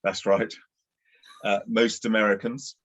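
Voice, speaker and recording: This podcast co-host, a man from the south of England, speaks unhurriedly in a lowish, level, fairly bright voice through a muffled recording. He drifts through a relaxed conversation, often using filler words.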